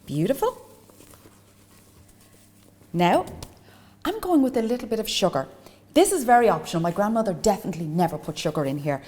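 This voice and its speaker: A woman's voice: mid-range voice, very animated, brisk, pauses often, a little mellow, big-room sound. Chatty Irish woman teaching baking. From Ireland. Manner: chatty, enthusiastic, gives tips with asides. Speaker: cooking teacher. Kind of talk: cooking demonstration.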